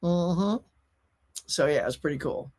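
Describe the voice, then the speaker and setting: A man hosts a relaxed live stream from his own room at home. He talks in an easygoing, chatty way and calls out viewers by name. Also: on the high side, takes it slowly. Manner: laid-back, chatty, greets viewers by name. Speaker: host of a pop culture live show. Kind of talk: casual livestream chat.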